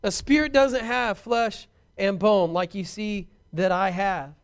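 Male preacher, very high voice, animated sermon delivery with humor. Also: measured pace, clear, resonant tone.

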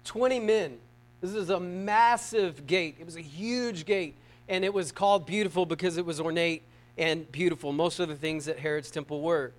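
A man's voice: fairly high pitch, normal speed. A middle-aged man preaching a sermon, conversational and humorous, often asking the congregation questions. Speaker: pastor.

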